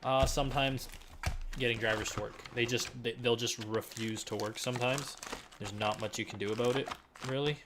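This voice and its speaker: A man's voice: medium pitch, normal speed, background noise. Chatty young man reselling online. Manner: relaxed, chatty, often trailing off quietly. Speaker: eBay reseller streaming his listings. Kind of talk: casual live-stream chat while working. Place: living room at home.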